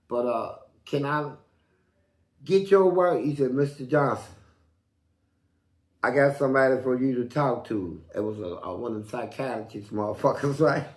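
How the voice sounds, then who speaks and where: Recorded with a roomy sound, a male interview guest tells stories at a moderate pace using profane street slang. He's animated, voicing the people in his stories with big leaps in pitch.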